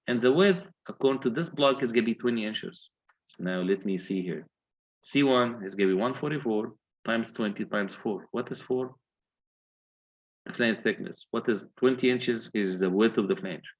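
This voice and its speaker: A man's voice: lowish voice, moderate pace, dull audio. A man lecturing on engineering, working through calculations step by step and putting questions to his students. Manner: methodical, asks the class questions.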